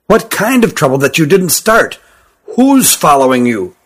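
Man reading as small young lad, higher voice, incredulous questioner, audiobook. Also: very animated, a little slow. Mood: pressing questions. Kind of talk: audiobook character voice.

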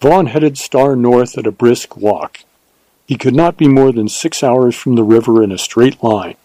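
A man narrating a novel in a measured, even storytelling manner. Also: medium pitch, dry recording, low-quality recording. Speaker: audiobook narrator. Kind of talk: scripted narration of a western novel.

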